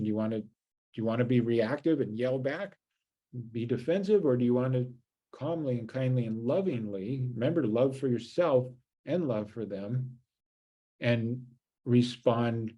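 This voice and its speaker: A man hosting a coaching talk on relationships, answering questions in a gentle, earnest way with many fillers and restarts. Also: lowish voice.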